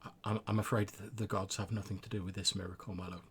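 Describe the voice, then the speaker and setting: A man voicing a soft, pleading undead woman who speaks hesitantly with stammered restarts. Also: low voice, level tone, fast talker, a little hiss or hum. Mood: sorrowful.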